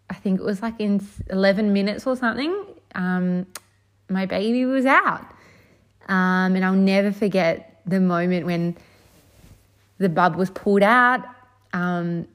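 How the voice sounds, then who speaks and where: A young woman vlogger casually telling a personal story, chatty and full of "um" and "like". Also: mid-range voice.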